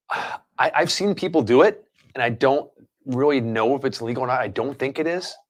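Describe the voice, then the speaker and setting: A man's voice: mid-range voice, moderate pace. A man hosting a casual live stream, telling long rambling anecdotes between chat with his co-host. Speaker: livestream show host.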